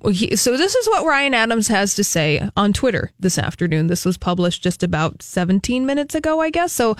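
A woman's voice: mid-range voice, big pitch swings, brisk, hardly any pauses, dry recording. A woman co-hosting a talk radio show, chatting casually and reading entertainment news, laughing easily.

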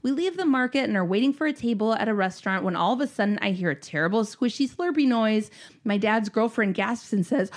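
A woman's voice: fairly high pitch, expressive, a little fast. Sarcastic young woman telling a story. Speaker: storyteller reading a listener's story. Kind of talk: reading aloud a story.

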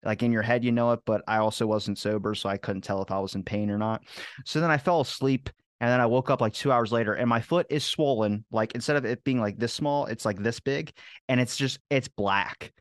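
A man guesting on a podcast, telling rambling personal anecdotes in casual chat with quick restarts and the odd curse. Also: medium pitch, dry recording, studio quality.

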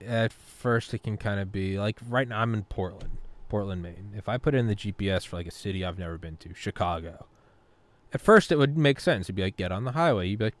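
A man's voice: on the low side, a little fast, no echo. A young adult man hosting a podcast, chatting casually and animatedly, swearing freely and acting out bits of dialogue. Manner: animated, swears freely, acts out silly voices in quotes. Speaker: podcast host.

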